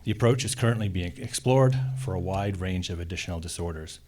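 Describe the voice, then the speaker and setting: Low-voiced man reading a formal introduction. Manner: measured, with occasional fillers. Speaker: faculty presenter. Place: auditorium at a commencement ceremony.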